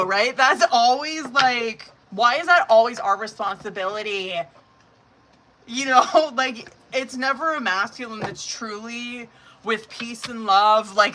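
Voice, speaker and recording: A woman talks her way through a live-streamed tarot reading, loose and profane and quick to laugh. Her voice is bright and sharp-edged, at a middle pitch. A faint background hum sits under her voice. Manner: chatty and profane, laughing often. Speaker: tarot reader.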